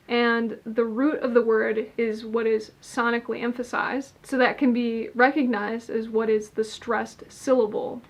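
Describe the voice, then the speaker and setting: Her voice sits a little high as this young adult woman walks viewers through poetry writing in an instructional video. The explanation is methodical and step by step, with an occasional filler word.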